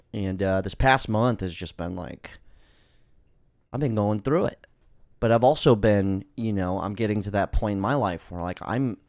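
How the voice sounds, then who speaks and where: A man's voice: fairly low pitch, darkish tone, dry recording, studio quality. A man hosting a casual solo podcast, talking bluntly and swearing freely as he rambles through his thoughts. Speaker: podcast host.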